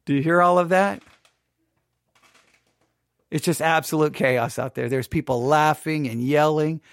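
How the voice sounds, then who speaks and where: A man hosting a Bible podcast, chatting casually and restarting his sentences, then reading scripture slowly and solemnly. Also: on the high side, dry recording. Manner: chatty and self-interrupting, reads scripture in a slow solemn cadence. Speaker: podcast host and Bible teacher. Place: small home studio.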